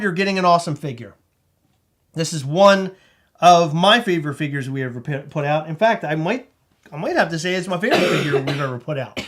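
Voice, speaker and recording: Excitable high-voiced man with a Maryland accent. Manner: excitable, rambling, laughs often. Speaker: host. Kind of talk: casual livestream chat.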